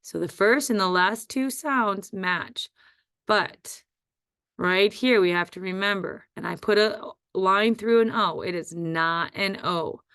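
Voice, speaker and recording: A woman leads a phonics lesson at a very unhurried pace, drawing out each word and sound. Her voice is smooth and clear. The recording is dry and close, with no room sound. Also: medium pitch, a bit bright, no room sound. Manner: slow, deliberate, stretches out words and sounds. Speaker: teacher.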